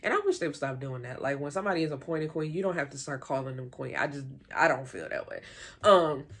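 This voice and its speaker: Woman, lowish voice, chatty and opinionated TV recap. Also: expressive, fairly bright tone. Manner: chatty, opinionated, many fillers; retells scenes in quick quoted voices. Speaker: TV recap reviewer. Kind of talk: casual recap commentary.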